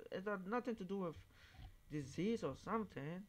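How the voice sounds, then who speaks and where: Man, reaction host; halting, word-searching English, turns emphatic. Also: sits high, animated. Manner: halting, searching for words, then emphatic and raised when quoting others. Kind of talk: casual monologue commentary.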